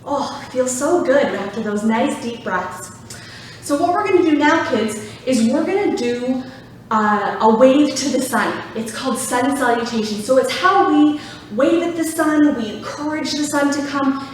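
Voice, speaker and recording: Upbeat female yoga instructor for kids, high voice, very roomy echoey sound. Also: animated, normal speed, a little hiss or hum. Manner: upbeat, encouraging, makes animal sounds. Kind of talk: guided kids' yoga class. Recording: very echoey room.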